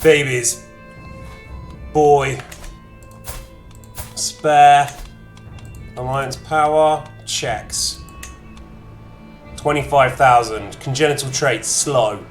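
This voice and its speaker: Male streamer, casual gameplay chat, short clipped reactions, average pitch, faint background music. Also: steady tone, extremely slow, pauses often. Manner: chatty, reacting to chat and menus in short bursts.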